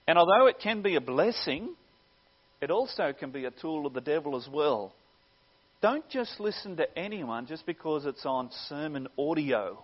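A male pastor preaching a sermon earnestly, swelling louder on key phrases and dropping low at their ends. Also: highs cut off.

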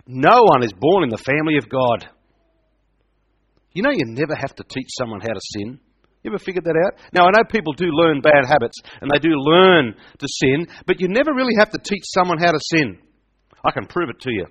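A man preaching with emphasis, his voice sitting a little high for a man. He repeats his key lines and throws questions at the congregation. He sounds middle-aged. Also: very animated, brisk, a bit bright, husky. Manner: emphatic, repeats points, asks the audience questions. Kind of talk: sermon.

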